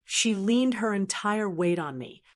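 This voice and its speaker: A woman's voice: medium pitch, expressive, unhurried. A woman reading a first-person story aloud in a tense, dramatic narrating manner.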